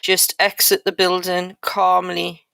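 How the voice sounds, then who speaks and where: A woman's voice: on the low side, monotone, slow pace, gravelly, a bit bright, smooth, no echo. A woman playing a tabletop game, hesitant with lots of ums, breaking into swearing outbursts. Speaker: player. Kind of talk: casual tabletop play.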